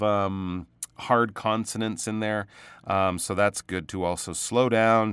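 Guy teaching pronunciation, lowish voice, patient, keeps repeating words slow, dry close sound. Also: a bit bright, smooth, no room sound. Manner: patient, explains words slowly and repeats them. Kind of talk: casual spoken lesson.

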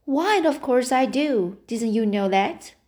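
A woman's voice: sits high, animated, slow, darkish tone, pitched above the performer's own voice. A woman reading a loyal, sorrowful young girl. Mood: earnest. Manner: earnest and mournful.

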